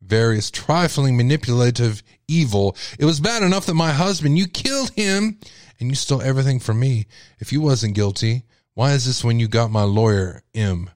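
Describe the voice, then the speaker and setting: A bitter, grieving widow rants at the people she blames, her voice jumping up and down in pitch as she accuses them, as a man puts her on. The voice sits at an ordinary middle pitch. It is recorded dry and close, with no room sound. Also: expressive, normal speed, no room sound, natural voice. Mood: bitter accusing. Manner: accusing, ranting, with sharp swings in pitch. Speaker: podcast host.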